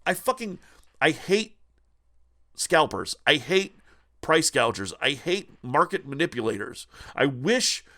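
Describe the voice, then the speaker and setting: A man's voice: on the high side, sing-song, slow pace, bright, forceful tone. A man hosting a retro gaming channel, ranting angrily with constant profanity. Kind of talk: ranting vlog.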